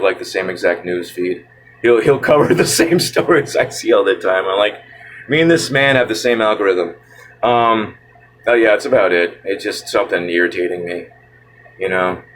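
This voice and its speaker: A man's voice: on the low side, a little hiss or hum. A man ranting casually to the camera, rambling and stammering in an irritated way, with a nasal voice. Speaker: vlogger.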